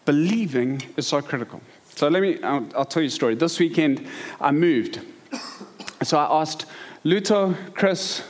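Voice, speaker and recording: A man with a South African accent preaching a sermon, mixing scripture with lively stories and humor. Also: fairly high pitch. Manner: lively storytelling, quick asides and humor. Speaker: pastor.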